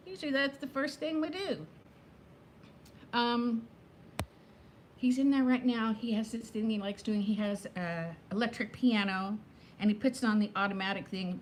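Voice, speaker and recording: A woman in her fifties hosting a casual live chat, talking fast between topics and greeting viewers by name. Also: on the high side, a little hiss or hum. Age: 50s. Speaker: livestream host.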